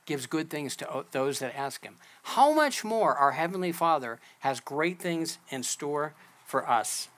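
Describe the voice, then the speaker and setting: Man preaching a new year sermon. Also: on the high side. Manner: storytelling, animated when quoting others. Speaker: pastor.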